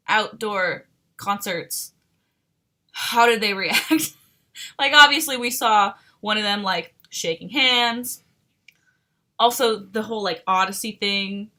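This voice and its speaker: Bright-voiced, slow-talking woman streamer. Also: medium pitch. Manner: giggly, amused, full of questions. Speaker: streamer reacting to music videos. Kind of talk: casual reaction chat.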